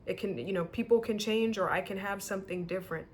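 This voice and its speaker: A woman talks through a tarot reading in a loose, rambling way, restarting her sentences and swearing freely. She gets emotional and sounds close to tears, and her pitch sits in an ordinary middle range. A faint hiss of background noise runs under her voice. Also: fast. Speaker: tarot reader. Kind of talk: casual tarot reading to camera.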